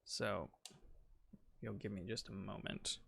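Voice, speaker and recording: Gravelly man ranting on a game stream. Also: on the low side, steady tone, slow, slight background noise. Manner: ranting, insistent, trails off quietly. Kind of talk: casual game stream chat.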